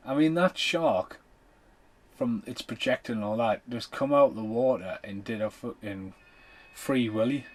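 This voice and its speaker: A man hosts a film commentary podcast and reacts to the screen as he goes. His delivery is blunt and full of swearing, with an unpolished, offhand tone at a medium pitch. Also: measured pace. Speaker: podcast host.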